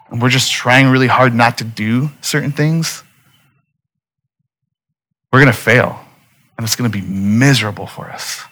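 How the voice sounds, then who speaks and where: A man in his thirties preaches a sermon in a mid-pitched voice. He speaks earnestly and conversationally and turns often to his listeners with direct appeals. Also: normal speed, long pauses, a bit bright. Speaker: pastor.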